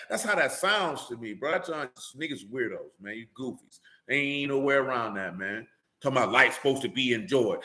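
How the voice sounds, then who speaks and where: A man's voice: a little high, animated, fairly quick, bright, forceful tone, roomy sound. A man preaching in a blunt, profane street-slang manner, often asking "you know what I'm saying.". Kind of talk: streamed sermon-style rant.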